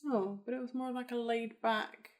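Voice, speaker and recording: A woman's voice: a little high, steady tone, moderate pace. A young woman co-hosting a casual music reaction chat, talking things through and asking lots of questions. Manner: chatty, asks many questions, thinks aloud. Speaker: co-host reacting to an album.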